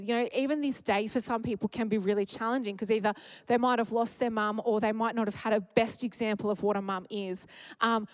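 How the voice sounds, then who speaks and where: A woman, preaching a sermon in a candid, heartfelt way that often slips into laughter. Her voice sits a little high, and the close mic gives it a dry sound with no room echo. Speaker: speaker at church.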